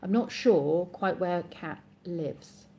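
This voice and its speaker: Taking it slowly in a low, slightly mellow voice with a little hiss or hum, a woman from Oxfordshire, England, chats casually on a live stream. She reads viewer comments aloud in her English accent, rambling and correcting herself along the way.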